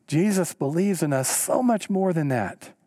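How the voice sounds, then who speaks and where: A pastor preaching a sermon, earnest and emphatic, repeating key lines slowly for weight. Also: male voice, animated, warm tone, no echo, clean studio sound. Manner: rises in pitch when stressing a point.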